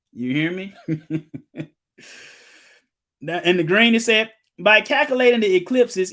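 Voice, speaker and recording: A man preaching informally, reading quotations aloud and telling personal stories, with loud emphatic outbursts. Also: fairly high pitch. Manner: casual, storytelling, breaks into loud emphatic outbursts.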